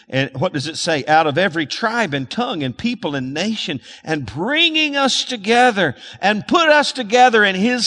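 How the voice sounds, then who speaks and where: A high, bright-toned male pastor delivers a sermon, often asking the congregation to repeat words back to him. His speech is loose, with restarts and fillers. His voice rings with a long hall reverb. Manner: calls for audience responses, restarts and fillers.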